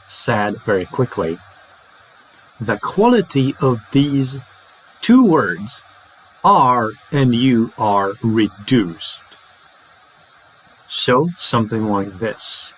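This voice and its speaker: Animated man teaching English. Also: medium pitch, slightly rough, rough recording. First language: Czech. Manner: lively, playful, modeling phrases slowly and fast. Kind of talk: English lesson to camera.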